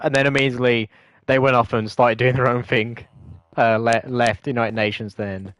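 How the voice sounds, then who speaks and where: A man's voice: medium pitch, a little fast, a bit bright, smooth, dry recording. Rambling British man chatting with viewers. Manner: rambling, hesitant, self-correcting explanations. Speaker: gaming streamer. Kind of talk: casual chat with viewers.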